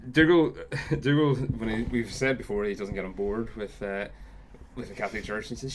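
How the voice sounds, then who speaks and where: A man hosting a podcast in casual chat, talking quickly and animatedly, with frequent swearing. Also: on the low side, a crowd in the background. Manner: fast, animated, swears often. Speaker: podcast host.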